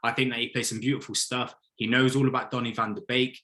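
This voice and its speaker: A man's voice: medium pitch, fast talker. Opinionated man talking football. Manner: opinionated, animated, mock-quotes others in put-on voices. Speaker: podcast co-host, football fan. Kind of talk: casual football chat.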